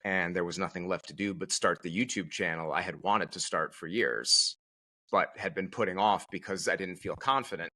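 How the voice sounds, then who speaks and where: A man from Connecticut, a podcast guest, telling his story in an animated, conversational way. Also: deep voice, normal speed. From Connecticut, USA.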